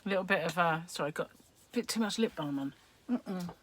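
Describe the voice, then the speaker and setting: Croaky, chatty woman live streaming. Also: fairly low pitch, animated, fairly quick. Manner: chatty, rambling, greets viewers by name. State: croaky, slightly hoarse. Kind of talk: casual live stream chat.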